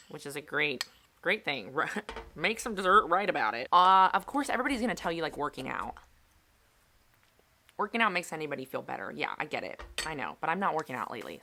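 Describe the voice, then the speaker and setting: Low-voiced chatty young woman vlogging. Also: noisy background. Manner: chatty, self-mocking, upbeat. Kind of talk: casual chat while crafting.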